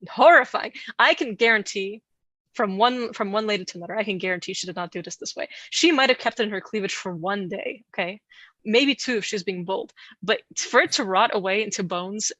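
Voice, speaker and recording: Animated woman telling folklore, dry sound. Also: medium pitch, a little fast, no echo. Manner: animated, laughing, playful asides. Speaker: podcast co-host. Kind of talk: casual chat, telling folklore.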